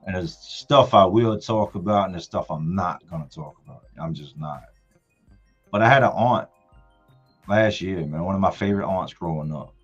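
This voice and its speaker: A father in middle age, his voice low and husky, tells a family anecdote at normal speed on an informal live stream. Words get leaned on and repeated for effect, and the audio is flat and lo-fi with soft music in the background.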